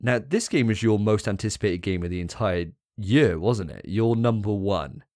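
A man with a lowish voice, recorded dry and close, trading sarcastic, teasing banter in a casual gaming podcast chat. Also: animated, normal speed, a little mellow, dry recording. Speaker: podcast co-host.

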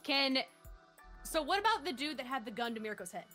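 A woman's voice: high-pitched, very animated, brisk, pushed and bright, faint music behind. A woman playing a tabletop game, hesitant and full of fillers as she describes her moves. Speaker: player.

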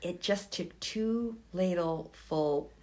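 A woman telling a personal story slowly and reflectively in an interview, with feeling. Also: lowish voice, dark tone. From United States. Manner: slow, reflective, emotional. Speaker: guest.

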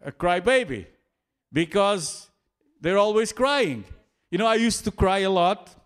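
A man preaching with a slightly high voice, taking his time. He restarts his sentences often and fills pauses, letting small chuckles slip in. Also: animated. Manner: halting, many restarts and fillers, chuckles often. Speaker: pastor. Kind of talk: sermon.

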